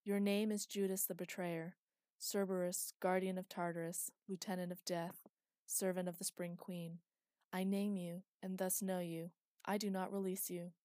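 A woman voicing a young queen who speaks calmly and with steady command. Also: fairly low pitch, moderate pace, no echo, clean studio sound, close to an everyday voice. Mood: firm. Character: regal young queen, caring and firm.

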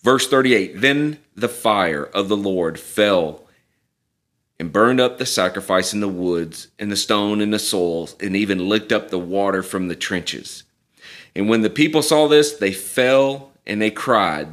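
A man preaching a sermon, reading scripture aloud and retelling it in casual, animated speech. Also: on the low side, measured pace.

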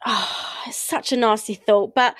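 A woman hosts a casual podcast with her sister, speaking openly and laughing easily. Her voice sits fairly high and sounds dry and close to the mic. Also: steady tone, a little slow, fairly bright tone, no room sound. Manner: candid, laughs often while talking. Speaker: podcast host. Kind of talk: casual chat.

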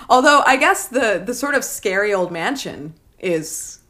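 A woman in her thirties co-hosting a podcast, casually chatting about movies, animated and swearing freely. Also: medium pitch, a little slow. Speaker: podcast co-host.

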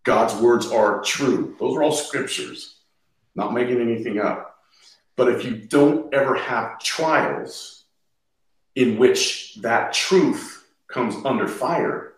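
A man's voice: medium pitch, fairly bright tone. A man, a podcast guest, earnestly sharing his faith and quoting scripture freely in conversation. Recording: echoey, distant from the mic.

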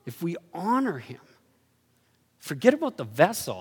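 A man preaching a sermon, telling stories animatedly and swinging from low murmurs to excited highs. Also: a little slow, slightly rough. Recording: reverberant hall.

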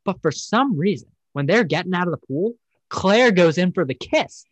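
A man's voice: high voice, expressive, normal speed, no room sound, poor audio. A young man casually recapping a dating show as a podcast host, rambling and profane, mocking the people he quotes.

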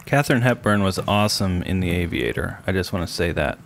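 A man's voice: deep voice, lively intonation, fairly quick, creaky. A man hosting a casual chat, cracking jokes and bantering with his guests. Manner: wisecracking, joking banter. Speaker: podcast host.

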